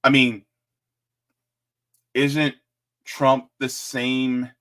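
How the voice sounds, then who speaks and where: A man hosting casual political commentary in an animated, joking way, with chatty asides. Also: medium pitch, extremely slow.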